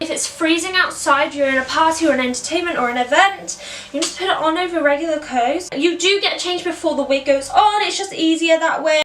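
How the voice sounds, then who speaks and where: A woman's voice: very high-pitched, bright, forceful tone, roomy sound, recorded from a distance. A British woman explaining a costume tutorial step by step in a chatty way. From Britain. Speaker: costume character performer. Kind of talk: tutorial narration.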